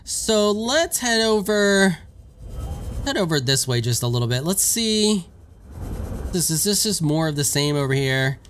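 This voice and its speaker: A man giving let's play commentary on a game, excitable and quick to anger, ranting at the creatures on screen. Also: a little high, slight background noise. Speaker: gaming YouTuber.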